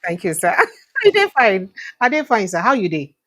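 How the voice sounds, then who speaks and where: A woman with a Nigerian accent hosts a livestream interview, switching between Pidgin and English in a chatty, informal style with filler sounds. Her mid-range voice is very animated and a bit bright, at a normal speed.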